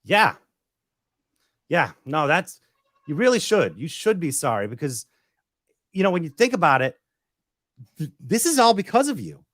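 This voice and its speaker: A defensive, short-fused husband in a live improv scene, played by a man. His voice sits somewhat high and leaps around in pitch as he blusters sarcastically. The sound is dry and close. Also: big pitch swings, normal speed, long pauses, fairly bright tone, dry recording. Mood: indignant.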